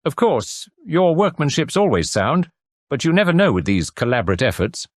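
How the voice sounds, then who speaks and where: A man's voice: fairly high pitch, sing-song, moderate pace, no room sound, studio quality, voice pushed up. A man voicing an anxious aristocratic new father in an audiobook, with clipped upper-class banter.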